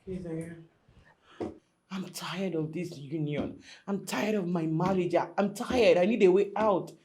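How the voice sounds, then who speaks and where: An actress playing a frightened wife, pleading for help. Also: female voice, fairly low pitch, unhurried, darkish tone, slight background noise, lightly acted. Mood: desperate. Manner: pleading, desperate.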